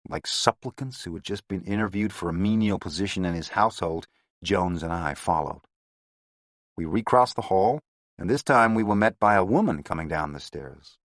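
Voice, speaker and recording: A man reading an audiobook in a steady, descriptive first-person narration. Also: low voice, no echo, studio quality.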